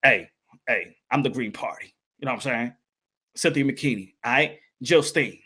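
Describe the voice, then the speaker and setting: A man hosting a casual boxing livestream, excitable and slangy, often shouting and laughing as he talks. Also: medium pitch, moderate pace, slightly rough. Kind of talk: casual livestream chat reading viewer comments.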